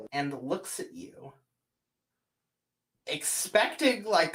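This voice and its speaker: A game master narrating a tabletop role-playing game in an unhurried, hesitant way. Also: mid-range voice, a bit bright, far from the mic.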